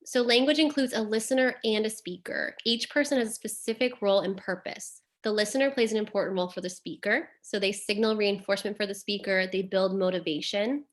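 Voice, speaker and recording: A woman's voice: medium pitch, fairly even intonation, a little fast, few pauses. A woman presenting a caregiver webinar as a behavior analyst, explaining terms plainly with frequent "um" and "like". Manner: explanatory, uses fillers like "um" and "like".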